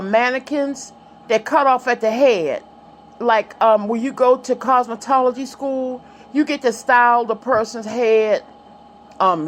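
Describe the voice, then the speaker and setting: A middle-aged woman with a slightly high voice chats loosely with her viewers, swinging between storytelling and laughter. She talks to a child now and then. A faint hum sits behind her. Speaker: vlogger. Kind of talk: casual chat, reminiscing.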